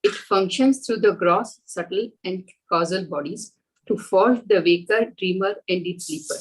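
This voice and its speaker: Husky woman reading aloud in class. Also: medium pitch, measured pace, low-quality recording. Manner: steady, careful reading with small slips. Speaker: student.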